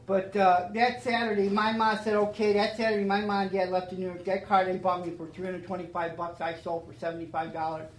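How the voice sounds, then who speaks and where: An older man tells his sobriety story in a fairly high voice, and his words stumble and repeat as the feeling rises. The talk rings out in an echoey room with a faint hum of ambience behind it. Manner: emotional, repetitive storytelling with many restarts. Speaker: AA speaker. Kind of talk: recovery talk to a meeting.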